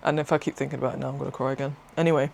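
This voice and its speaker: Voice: medium pitch, racing, creaky, a little hiss or hum. Chatty craft vlogger, rambling. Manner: rambling, excitable, self-interrupting, laughs often. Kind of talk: casual chatty vlog.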